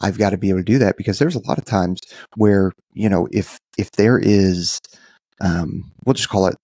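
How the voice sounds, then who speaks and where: A man with a low, gravelly voice co-hosts a podcast. He talks casually and rambles, often restarting his sentences. The recording is close and dry. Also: normal speed, a little mellow, no echo.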